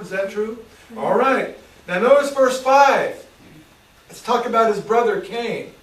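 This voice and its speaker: A Texan preacher with a high-pitched voice delivers his sermon in bursts, shouting one moment and dropping low the next. He stands some distance from the mic in a church room full of echo. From Texas. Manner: preaching with sudden loud shouted bursts and hushed asides. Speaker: pastor. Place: church sanctuary. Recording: echoey church room from far off.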